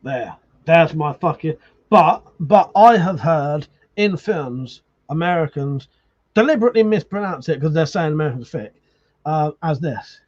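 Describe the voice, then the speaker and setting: A man talks on a casual live stream, swearing and getting worked up as he argues his point. His voice sits slightly high and husky. The audio is dull and lo-fi. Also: normal speed. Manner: animated, swearing, reading viewer comments aloud. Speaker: livestream host.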